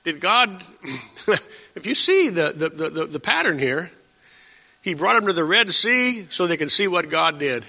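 A man with a slightly high voice, big pitch swings, and a sharp tone preaches unhurriedly. As a pastor, he gives a conversational sermon teaching from scripture and poses rhetorical questions to listeners. Long hall reverb colors the dull-sounding recording.

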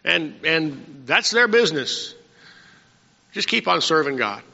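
Older folksy preacher, gravelly and bright. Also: male voice, a little high, very animated, slow pace. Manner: folksy preaching with asides to the congregation. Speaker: pastor. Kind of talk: sermon. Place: church sanctuary. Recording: dull lo-fi recording with long hall reverb.

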